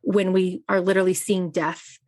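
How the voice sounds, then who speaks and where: A woman's voice: on the low side, little pitch movement, moderate pace, a little mellow. A woman who works as a chaplain, a podcast guest, speaking earnestly and telling personal stories with frequent fillers. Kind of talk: personal conversation.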